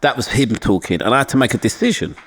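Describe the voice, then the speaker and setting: A middle-aged man with a London accent tells stories on a podcast. He is animated and laughs easily, and his pitch sits mid-range for a man. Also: fast. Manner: animated, laughing, swings into voices. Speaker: guest. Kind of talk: casual storytelling chat.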